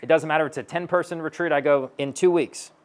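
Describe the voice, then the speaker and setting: A man's voice: fairly high pitch, steady tone, quick pace. A man giving a stage talk to an audience as a sales coach, brash and blunt, swearing and acting out both sides of dialogues.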